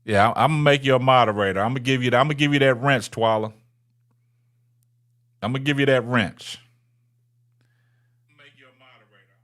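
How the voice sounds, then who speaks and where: A man's voice: medium pitch, a little fast, pauses often, a bit bright. A man, hosting a casual livestream and talking to viewers in the chat. He taunts them, repeats himself and ends many phrases with "man". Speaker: livestream host.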